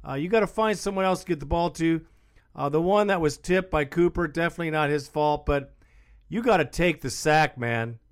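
Chill guy hosting a fan call-in show, bit higher voice, says bro a lot. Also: a little fast, clean tone. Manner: laid-back, calls people bro. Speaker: host. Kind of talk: sports call-in radio hosting.

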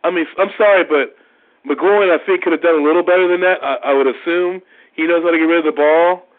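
A man's voice: a little high, fairly even intonation, fairly quick. A man leaving a profane, frustrated rant as a sports fan caller. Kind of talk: ranting sports fan message. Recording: tinny phone-like line.

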